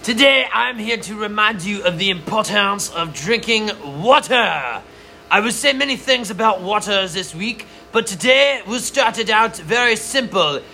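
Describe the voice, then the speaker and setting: A man's voice: high-pitched, expressive, a little slow, gravelly, bright, forceful tone, heavily acted. A man putting on a mock French accent to play a pompous man giving a camp announcement about drinking water. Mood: lecturing. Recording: faint background noise.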